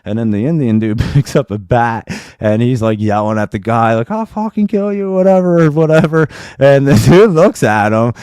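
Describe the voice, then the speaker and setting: A man's voice: fairly low pitch, normal speed, clear, resonant tone, no room sound. Guy on his live show telling a crazy story, curses a lot, laughs along, dry close sound. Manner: profane, animated, laughs through his story. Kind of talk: casual storytelling.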